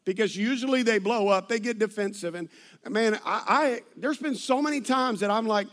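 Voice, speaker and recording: A middle-aged pastor preaches with a notably high-pitched voice. He tells stories animatedly, breaking off into restarts and asides as he goes. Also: moderate pace, a bit bright. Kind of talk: sermon with personal stories.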